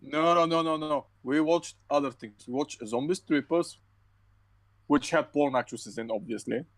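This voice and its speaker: A man's voice: fairly high pitch, normal speed, no echo. A young man co-hosting a podcast, teasing his co-host and rambling about old B movies. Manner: teasing, rambling, interjects often. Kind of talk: casual podcast banter.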